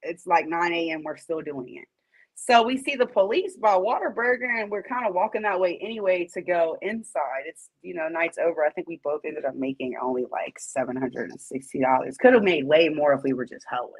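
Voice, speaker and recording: A woman's voice: lowish voice, fairly quick, slightly rough, low-quality recording. A woman guest on a podcast, telling a story in a casual interview with blunt, profane street talk. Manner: lively, animated storyteller.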